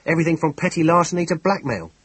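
A man voicing a crisp, efficient police inspector. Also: a little high, lively intonation, racing, no room sound, voice pushed up, low-quality recording. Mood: calm, matter-of-fact. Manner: quiet, clear, decisive, faintly contemptuous.

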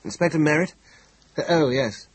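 A man's voice: on the high side, lively intonation, moderate pace, dry recording, pitched above the performer's own voice, rough recording. A man reading an audiobook, voicing an irritable older police commissioner with a military background who speaks brusquely and impatiently.

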